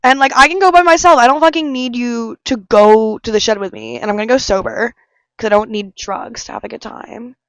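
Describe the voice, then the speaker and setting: A woman's voice: fairly high pitch, expressive, a little fast, fairly bright tone, no echo. A woman in her twenties from Chicago, rambling emphatically in a casual vlog monologue, often repeating herself. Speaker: vlogger. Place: aquarium visit, handheld vlog.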